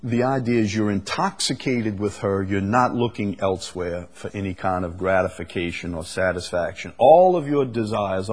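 A male pastor preaching a sermon, slow and drawn out, with bursts of emphasis. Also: fairly low pitch.

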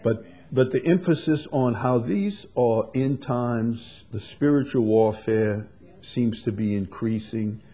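A man preaching a sermon, swinging from quiet and conversational to loud, emphatic passages. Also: mid-range voice, slow. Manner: builds to loud emphatic preaching, then drops soft. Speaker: pastor.

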